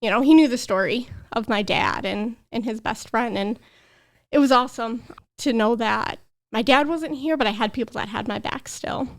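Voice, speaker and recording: A woman's voice: a little high, moderate pace. A young adult woman, a podcast guest, earnestly telling a personal story with emotion. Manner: earnest, emotional, tearful at times.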